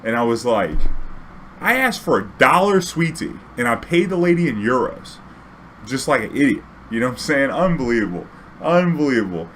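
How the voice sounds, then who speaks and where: A man telling a casual story, laid-back and slangy, lively when quoting himself. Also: mid-range voice, moderate pace, slight background noise.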